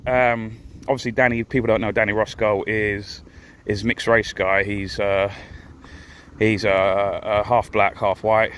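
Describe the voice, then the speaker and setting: A man's voice: mid-range voice, fairly bright tone, a little hiss or hum. Blunt man ranting from a van. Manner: blunt, argumentative, frequent "right?" tags. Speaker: live streamer. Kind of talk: casual opinionated monologue.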